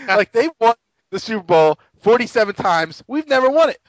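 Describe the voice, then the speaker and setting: A man's voice: extremely high pitch, lively intonation, moderate pace, no echo, rough recording. A man co-hosting a sports podcast, ranting in an exasperated, sarcastic way and mocking people in quoted voices. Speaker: podcast co-host. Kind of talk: casual sports podcast rant.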